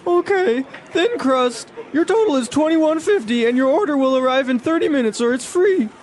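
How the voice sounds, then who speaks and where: A woman's voice: high voice, animated, moderate pace, a little mellow, slight background noise. A woman reading the part of a polite pizza shop clerk taking a phone order in a scripted dialogue. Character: polite young male pizza clerk Marty.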